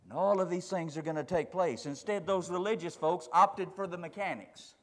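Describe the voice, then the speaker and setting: A man's voice: high voice, brisk, hardly any pauses, big-room sound, slight background noise. A male pastor preaching a sermon emphatically, building through repeated phrases.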